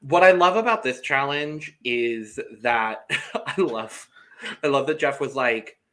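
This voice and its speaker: Brief: male co-host, bright and forceful tone, animated and dramatic chat, quick to laugh. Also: medium pitch. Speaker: podcast co-host. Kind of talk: casual reality TV recap chat.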